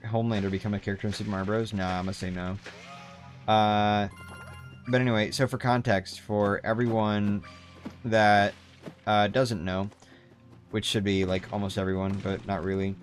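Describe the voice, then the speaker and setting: A man's voice: lowish voice, flat delivery, a little fast, soft background music. Rambling young man streaming a game. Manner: rambling, loose, swears casually. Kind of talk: casual live-stream commentary.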